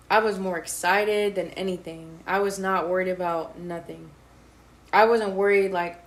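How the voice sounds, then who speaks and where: A young woman in her twenties chats casually in an interview, her voice sitting at an ordinary middle pitch. She tells her story with lively, slangy energy, often acting out what people said to her. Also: moderate pace. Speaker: interviewee, college student. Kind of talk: casual chat.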